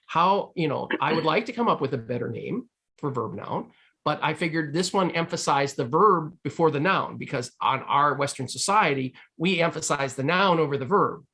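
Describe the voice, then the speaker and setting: A man's voice: on the high side, lively intonation, normal speed, pushed and bright, slightly rough. Rambling male author explaining ideas. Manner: discursive, restarts often, hedges with "you know". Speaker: guest speaker and author.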